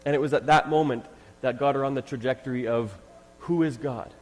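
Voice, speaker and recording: A man's voice: mid-range voice, fairly even intonation, quick pace, faint music behind. Enthusiastic man telling a church story. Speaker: ministry leader speaking at church. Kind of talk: church testimony talk. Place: church sanctuary. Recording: long hall reverb.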